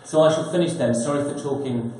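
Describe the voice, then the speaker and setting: A man's voice: medium pitch, fast talker, a little mellow. Man speaking in an echoey hall. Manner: thoughtful, uses rhetorical questions. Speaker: author and speaker at a press conference. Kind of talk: prepared talk to an audience. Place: conference hall. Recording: very echoey conference room.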